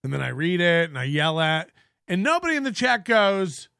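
A bright, high-voiced man rants and mocks through comedic commentary on clips, swinging his pitch all over the place. He sounds close and dry, as if in a small home studio. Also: sing-song, moderate pace, creaky, clean tone, no room sound. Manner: mocking, ranting, mimics others in exaggerated voices. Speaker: show host.

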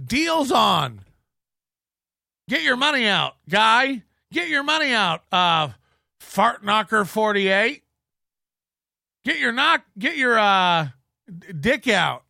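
A man's voice: sits high, sing-song, takes it slowly, vocal fry, long pauses, bright, forceful tone, dry recording, studio quality. A middle-aged man hosting an online show, ranting in sarcastic, profane commentary and muttering while he scrolls through posts.

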